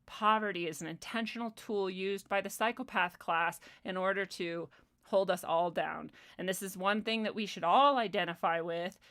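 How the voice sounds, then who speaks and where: Young woman host, angry swearing rant, sarcastic edge, mid-pitched voice. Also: normal speed, fairly bright tone. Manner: profane, heated ranting with sarcastic asides. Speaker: livestream host. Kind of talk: casual commentary monologue.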